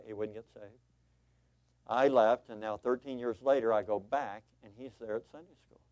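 A pastor delivers a sermon, acting out a story in lively character voices, then grows earnest and urges his congregation on. His voice sits in the mid-range, and the recording is dry.

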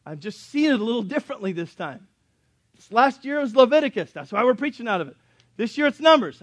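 A man in his thirties preaching a sermon, telling folksy stories with joking asides and rising to loud, emphatic preaching. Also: very high voice, very animated, fast talker, dry recording. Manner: swings from quiet storytelling to loud preaching. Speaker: pastor.

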